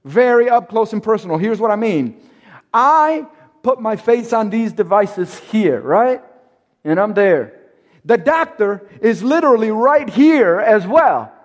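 A man telling a personal story with drama. He acts out dialogue and drops to hushed tones at tense moments. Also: high voice, big pitch swings, unhurried, long reverb tail.

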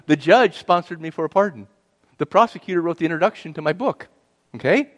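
A man's voice: on the high side, expressive, fairly quick. A middle-aged man giving an earnest personal testimony as a guest speaker, telling his story and asking the audience questions. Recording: long hall reverb.

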